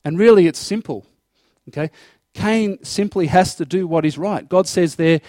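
A man's voice: high-pitched, normal speed, darkish tone, no room sound, studio quality. A man preaching a sermon, explaining scripture verse by verse and acting out dialogue in an earnest tone. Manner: earnest expository preaching, acting out God's voice in quotes.

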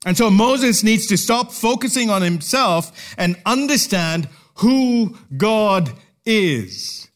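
A male preacher with a notably high voice delivers a sermon. He teaches at a measured pace, stressing key words with pauses. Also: animated. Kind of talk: expository sermon.

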